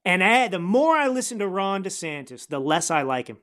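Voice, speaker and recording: A man hosts a political commentary podcast in a heated, ranting delivery. His pitch swings widely as he talks. His tone stays indignant and fired up. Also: big pitch swings, moderate pace, a bit bright. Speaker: podcast host.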